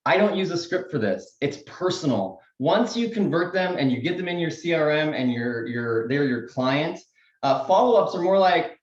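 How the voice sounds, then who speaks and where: A man, a real estate agent on a panel, giving casual sales tips and acting out phone calls in quick voices. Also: on the high side, animated, reverberant, muffled recording.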